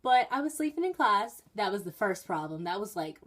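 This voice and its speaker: A woman's voice: medium pitch, brisk. Chatty teenage girl vlogging from her bedroom. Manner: chatty, rambling, with bursts of excited emphasis. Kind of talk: casual storytelling vlog.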